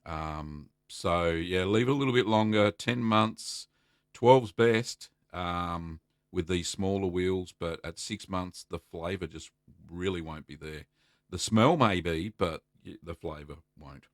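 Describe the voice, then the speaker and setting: A middle-aged Australian man hosting a casual live stream, chatty and relaxed, greeting viewers by name and filling pauses with ums. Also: deep voice, no room sound, studio quality. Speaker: livestream host answering cheesemaking questions.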